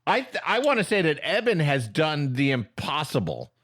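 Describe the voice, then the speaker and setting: Give me a high, lively man co-hosting a comedy podcast. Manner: mock-indignant, joking, quick to laugh. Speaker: podcast co-host. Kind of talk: comedic banter.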